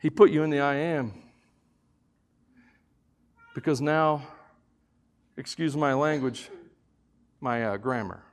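A man preaching a sermon in church as pastor, swinging between loud preaching and quiet, joking asides. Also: medium pitch, slow pace, pauses often.

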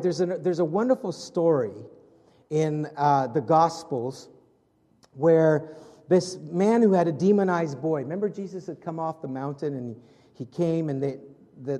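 A man preaching a conversational sermon as pastor, asking his congregation questions and dropping softer for prayerful moments. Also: a little high. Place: church hall with congregation. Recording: long hall reverb.

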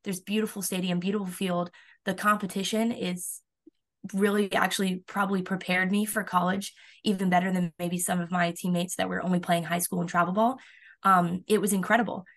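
A young woman in her twenties, a college softball pitcher, talking in a chatty, upbeat way with lots of fillers in a casual podcast interview. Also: flat delivery, fairly quick. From United States.

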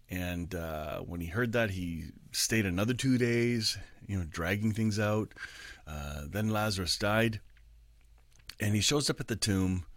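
A male pastor with a lowish voice talks through a reflective faith message, earnest and conversational, stopping to think with frequent ums. The sound is dry and close, with no room echo around it.

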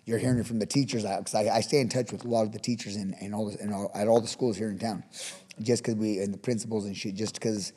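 A man who coaches boxing, talking fast in a casual podcast interview, swearing freely and acting out the shouts he gives his fighters. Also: lowish voice, steady tone, husky, big-room sound. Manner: profane, fired-up, acts out shouted coaching.

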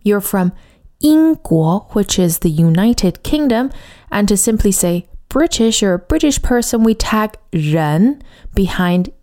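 Woman, podcast language teacher, warm mellow tone, clear explanations, slow careful example words. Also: mid-range voice, sing-song.

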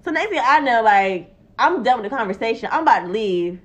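A woman's voice: fairly high pitch, animated, brisk. A young woman telling a story in casual chat, acting out the quotes and swearing freely. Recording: dull lo-fi recording.

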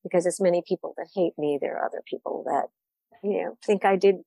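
Candid woman author, low dry voice. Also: fast talker, vocal fry, warm tone, dry recording. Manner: candid, reflective, laughs often. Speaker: wine writer, author. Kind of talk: interview answers.

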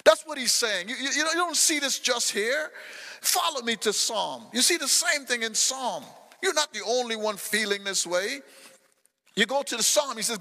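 A male pastor preaching a sermon with passion, swinging between loud shouted cries and quiet low asides. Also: expressive, moderate pace, big-room sound. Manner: impassioned preaching, shouts scripture lines. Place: church sanctuary.

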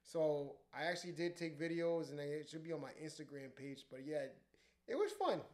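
A young man who works as a DJ, telling profane, animated stories in casual podcast chat. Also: fairly high pitch, normal speed. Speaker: DJ and podcast co-host. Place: podcast studio.

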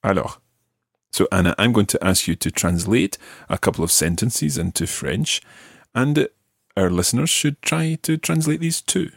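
A man teaching a podcast language lesson, patiently modelling words slowly for the learner to repeat. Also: lowish voice, animated, vocal fry, dry recording, clean studio sound.

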